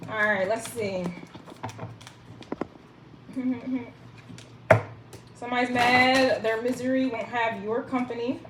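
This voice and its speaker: Young woman tarot reader, cursing and playful, higher voice, noisy echoey recording. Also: fairly even intonation, slow, long pauses. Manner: profane, playful, chanting rhymes. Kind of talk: casual tarot reading. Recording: echoey room with loud noise.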